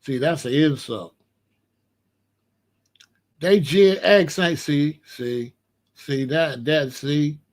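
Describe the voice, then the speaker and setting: A man in his sixties giving a rambling comedic monologue as host, telling stories with animated disbelief and laughter. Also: fairly high pitch, very slow, long pauses. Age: 60s. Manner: animated, incredulous storytelling with laughs.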